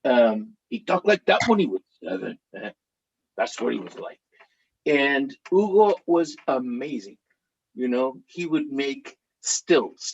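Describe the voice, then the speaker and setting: A middle-aged man telling stories to a live audience in an animated, chatty way, laughing now and then as he talks. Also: medium pitch, slightly rough, dull audio. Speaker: author.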